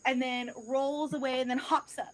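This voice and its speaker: A woman playing a tabletop game, bubbly and animated as she describes her character's moves. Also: high-pitched, moderate pace. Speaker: player. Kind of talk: casual tabletop play.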